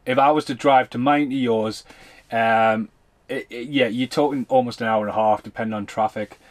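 A man's voice: medium pitch, steady tone, normal speed. A man co-hosting a podcast commentary, rambling loosely and swearing casually. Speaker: podcast co-host. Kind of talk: casual film commentary chat.

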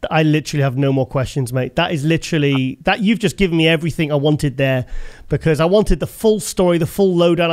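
A British man hosting a podcast interview, enthusiastic and chatty, often repeating himself and calling his guest mate. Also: on the high side. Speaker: podcast host. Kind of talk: casual interview chat.

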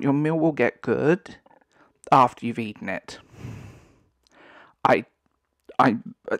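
A man's voice: medium pitch, no room sound, studio quality. A man giving ranting online commentary, sarcastic and exasperated, breaking into disbelieving laughter.

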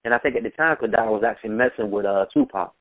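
On a tinny, dry phone line, a man with a lowish voice looks back casually as an interview guest. His storytelling is easygoing, broken up by short laughs, and he does impressions of people in his anecdotes.

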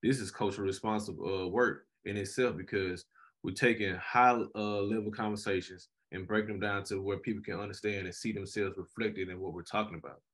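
A man's voice: on the low side, a little fast. A young man, a graduate student, co-hosting a casual podcast chat and telling stories animatedly. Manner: animated storyteller, frequent "you know what I'm saying".

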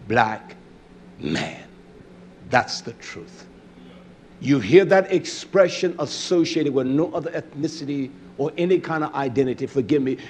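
Man, preacher, sermon, fiery, shouting and muttering, faint hiss. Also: medium pitch.

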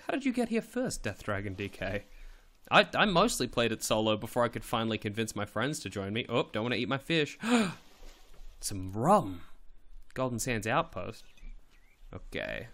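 Streaming a game live, this man banters playfully with his chat at a moderate pace. Now and then he swears, and his pitch swoops upward whenever excitement hits.

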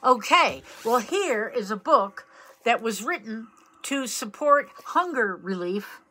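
A woman's voice: fairly high pitch, big pitch swings, slow, sharp tone. A woman co-hosting a casual museum video, chatting playfully and teasing her partner, and at times reading a poem aloud. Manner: playful, teasing, jumps in to finish points.

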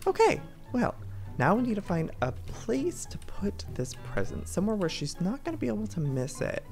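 A man's voice: high-pitched, huge pitch swings, moderate pace, darkish tone, faint music behind. A man hosting a playful let's-play video, talking theatrically with frequent gasps and sneaky stage whispers. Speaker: gaming video host.

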